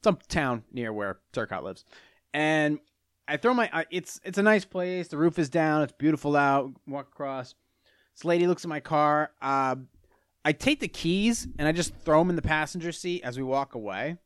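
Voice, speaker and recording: Animated, high-voiced man ranting on a podcast. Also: moderate pace, smooth, no echo. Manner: animated, profane storytelling with sudden rants. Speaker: podcast host. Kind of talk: casual solo podcast monologue.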